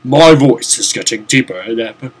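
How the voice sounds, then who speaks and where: A young man streaming as a VTuber plays a video game at his home desk, offering casual, rambling commentary in an animated, husky, medium-pitched voice at a moderate pace. Sounding tired and yawning, he talks to himself and lets out the occasional swear.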